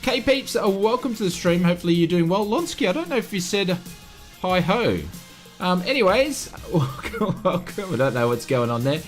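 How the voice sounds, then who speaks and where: An Australian man with a high, very animated voice hosts a live stream, chatting warmly with viewers and filling gaps with ums. Faint music plays behind him. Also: moderate pace. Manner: chatty, friendly, many fillers. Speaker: flight sim streamer.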